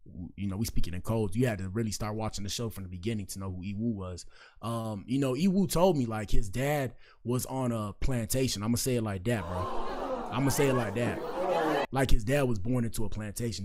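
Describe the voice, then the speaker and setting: Guy on a stream reading comments, slangy and jokey, talks right to chat. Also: medium pitch. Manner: slangy, joking, talks straight to viewers. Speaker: livestream commentary host.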